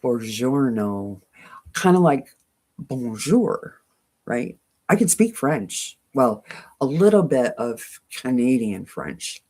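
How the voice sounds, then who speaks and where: A woman's voice: rumbling low, sing-song, slow pace, darkish tone, breathy edge. A woman with a twangy voice hosting a quilting channel, chatting casually with viewers, self-mocking and laughing often. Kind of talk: casual live chat, reading viewer comments.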